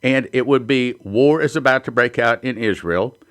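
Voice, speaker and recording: A man's voice: medium pitch, normal speed, fairly bright tone. Earnest man preaching prophecy. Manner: earnest, reads headlines and quotes aloud. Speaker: prophecy ministry host. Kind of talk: sermon-style prophecy teaching.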